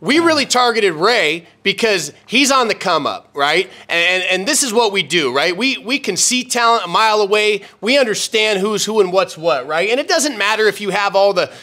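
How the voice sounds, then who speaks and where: High bright-voiced guy hosting a podcast, hypes up his guest, says right a lot. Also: expressive, normal speed, hardly any pauses. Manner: upbeat hype-man, leading questions with lots of "right?". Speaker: podcast host. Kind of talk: casual podcast chat.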